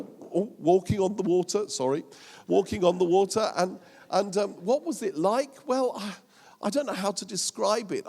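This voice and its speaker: A preacher playing a boastful rambling apostle. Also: male voice, sits high, gravelly, a little mellow, long reverb tail, exaggerated voice. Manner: rambling, self-important, many restarts. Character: boastful apostle man telling his sea tale.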